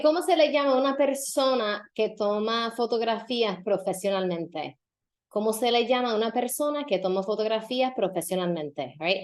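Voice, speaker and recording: Woman, language teacher, podcast lesson, lively, repeats words slowly. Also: fairly high pitch. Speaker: Spanish teacher and podcast host.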